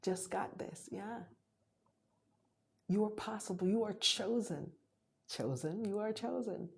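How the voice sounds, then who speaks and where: A woman hosting a live stream, giving an encouraging motivational talk and inviting viewers to join her, with drawn-out emphatic phrases. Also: mid-range voice, vocal fry, husky.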